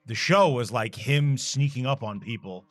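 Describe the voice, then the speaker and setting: A man's voice: medium pitch, expressive, moderate pace, no room sound. A man co-hosting a retro video game playthrough, chatting casually with crude jokes and frequent laughter. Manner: joking, crude, laughs often. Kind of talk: casual gaming chat.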